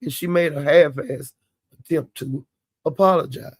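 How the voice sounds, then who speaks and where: Host: a man, husky and rough, rambling gossip storyteller. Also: on the high side, normal speed, dry recording. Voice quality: gravelly, husky. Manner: rambling, with quoted asides. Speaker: channel host.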